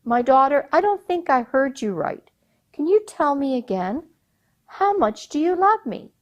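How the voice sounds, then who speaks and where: A woman telling a folk tale and voicing a proud, quick-tempered emir who demands his daughters' love. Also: on the high side, big pitch swings, dull audio, exaggerated voice. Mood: angry. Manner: demanding, then angry and commanding. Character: proud, touchy male emir, a king and father. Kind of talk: oral storytelling.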